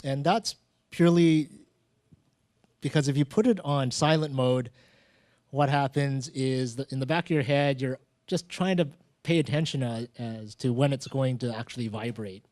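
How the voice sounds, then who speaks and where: A man hosting a live storytelling event on stage, talking in a relaxed, conversational way and acting out little exchanges from his own stories. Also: mid-range voice, normal speed, dry recording, clean studio sound. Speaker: host of a live storytelling show.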